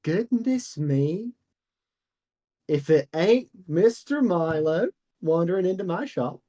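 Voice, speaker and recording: A man's voice: high-pitched, lively intonation, takes it slowly, mellow. A man voicing a chatty, sly male halfling shopkeeper with a folksy, jovial manner. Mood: cheery. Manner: folksy, jovial, calls people lad and my boy.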